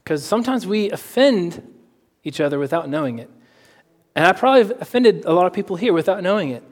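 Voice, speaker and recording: Man preaching in a reverberant hall. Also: sits high. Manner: animated, acts out dialogue in quick voices. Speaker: pastor. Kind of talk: sermon with personal anecdotes.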